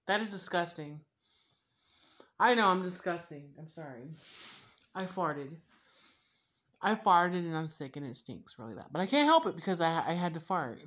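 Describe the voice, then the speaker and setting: Lady vlogger w a really low voice, rambly and cussing a lot while she eats. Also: expressive, measured pace, long pauses. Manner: rambling and profane, with frequent fillers. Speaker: YouTuber. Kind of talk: casual chat while eating on camera.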